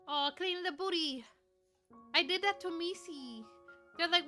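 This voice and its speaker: A woman's voice: fairly high pitch, steady tone, unhurried, pushed and bright, faint music behind. A woman streamer chatting casually on a livestream, gushing and cooing in baby talk at a cat video. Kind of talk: casual livestream reaction chat.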